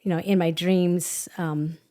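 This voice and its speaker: A woman's voice: lowish voice, a little slow. Laughing woman telling her story. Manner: animated, laughs often, acts out quoted voices. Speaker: guest. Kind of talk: conversational storytelling.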